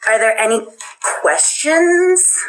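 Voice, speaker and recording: A woman's voice: high-pitched, expressive, slow pace. Bubbly woman chatting in a roomy space. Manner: bubbly, self-deprecating, many "um" fillers. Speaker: livestream host answering fan questions. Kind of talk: casual chat. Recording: roomy echo.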